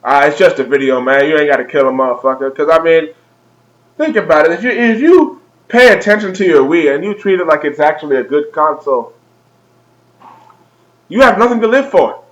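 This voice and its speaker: A young man with a slightly high voice delivers a comedic vlog rant. He is profane and over the top, and breaks into laughter at his own jokes as he goes. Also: expressive, fairly quick, lo-fi sound. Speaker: vlogger.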